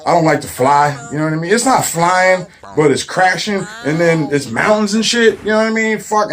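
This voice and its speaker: A man telling a comic story in a rambling way, with heavy swearing and frequent fillers. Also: fairly high pitch. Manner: rambling, heavy swearing, frequent "you know what I mean". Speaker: comedic storyteller. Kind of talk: profane comedic storytelling.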